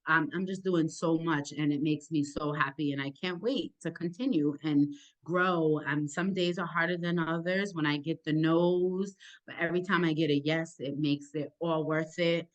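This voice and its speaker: Brief: young woman podcaster, low deep voice, thick accent, eager and animated, talks in quick bursts. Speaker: sports podcaster and journalist. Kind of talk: casual interview answers.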